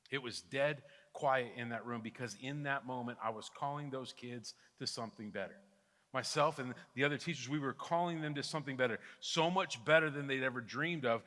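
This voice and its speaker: Bright-voiced pastor preaching in a reverberant hall. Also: male voice, on the high side. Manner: storytelling, emphatic, with repetitions. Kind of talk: sermon. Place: church sanctuary.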